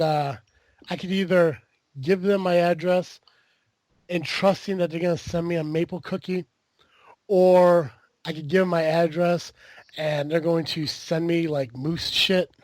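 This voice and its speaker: A man's voice: a little high, darkish tone, dry recording. A man hosting a podcast in casual chat, rambling with lots of fillers and the odd swear. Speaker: podcast host.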